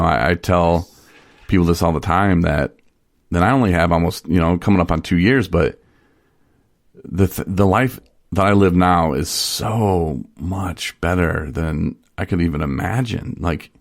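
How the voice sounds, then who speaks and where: A man's voice: deep voice, gravelly, no room sound, clean studio sound. A man in recovery telling stories on a casual radio talk show, rambling with restarts and short laughs. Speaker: person in recovery sharing his story.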